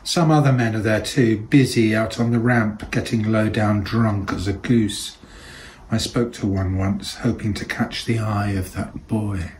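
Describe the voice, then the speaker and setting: A man reading literary fiction aloud in a measured, deliberate way. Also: lowish voice, fairly even intonation, darkish tone, slight background noise, rough recording. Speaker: reader.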